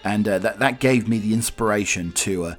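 Low-pitched man hosting a podcast, meandering and hesitant, faint music bed. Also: brisk. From Norfolk, England. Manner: rambling and hesitant, many "uh"s and restarts. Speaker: podcast host. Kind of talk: casual solo podcast chat.

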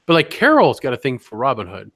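A man's voice: mid-range voice, huge pitch swings, fast talker, a bit bright, no room sound. Rambling man on a dry mic. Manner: rambling, lots of fillers, does voices. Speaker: podcast co-host. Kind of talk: casual chat.

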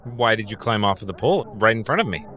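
A man's voice: on the low side, lively intonation, fast, fairly bright tone. A man narrating a tabletop role-playing game as game master, with playful salesman patter. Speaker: game master voicing shopkeepers.

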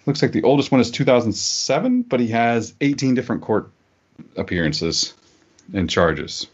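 A man's voice: medium pitch, very animated, moderate pace, slightly rough. A man co-hosting a casual political podcast, rambling with frequent fillers and restarts. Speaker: podcast co-host. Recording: dull lo-fi podcast audio.

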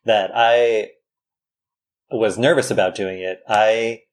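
A man co-hosting a casual podcast chat, speaking in a measured way and laughing along easily. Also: lowish voice, steady tone. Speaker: podcast co-host.

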